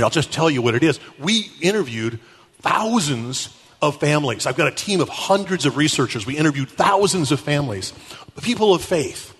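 A man giving an animated storytelling talk at a Catholic conference, acting out the people he quotes. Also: fairly high pitch, moderate pace, breathy edge. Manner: animated, acts out quotes with shifting voices. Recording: echoey hall.

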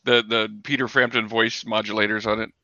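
A man co-hosts a casual podcast, rambling and padding his talk with "like". His voice is sharp and forceful, set at a middle pitch. The audio is dull and lo-fi but dry. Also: flat delivery, normal speed, no echo. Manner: rambling, heavy use of "like". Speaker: podcast co-host.

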